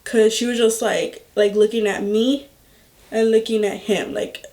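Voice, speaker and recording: A young woman vlogger telling a personal story in a slow, halting way, full of filler words. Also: on the high side, steady tone, a little mellow. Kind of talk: storytime vlog.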